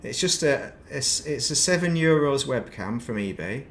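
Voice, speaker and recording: A man's voice: mid-range voice, lively intonation, normal speed, a little hiss or hum. A man chatting casually while playing a game on stream, rambling between topics with self-deprecating asides at his desk mic. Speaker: gaming streamer.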